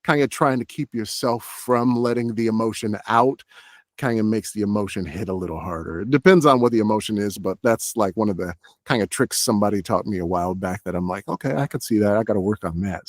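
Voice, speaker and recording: Relaxed man talking shop, dry sound. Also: on the low side, brisk, no room sound. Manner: relaxed, rambling, many "like" fillers, acts out short quoted lines. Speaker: voice actor guest. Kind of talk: casual interview chat.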